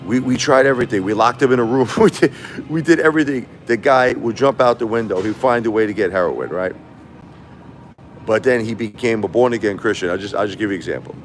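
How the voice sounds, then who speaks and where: His voice is lowish and his pace quick as he spins meandering tales for his live stream. The middle-aged man keeps circling back to the same points and laughing, with slight noise in the background.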